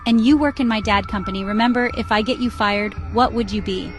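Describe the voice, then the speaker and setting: A woman's voice: mid-range voice, steady tone, fairly quick, soft background music, natural voice. A woman voicing a rich, jealous young woman who is possessive and scheming, speaking in broken grammar. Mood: pleading, boastful. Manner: pleading then threatening, broken grammar.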